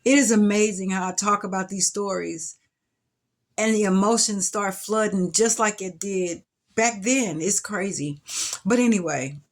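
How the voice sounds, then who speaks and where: A middle-aged woman speaks straight to camera. She recounts her past in a reflective, emotional way, with sighs and restarts. Her voice sits at a typical pitch for a woman. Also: a little slow. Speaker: vlogger telling her life story. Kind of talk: personal storytelling to camera. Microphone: camera mic.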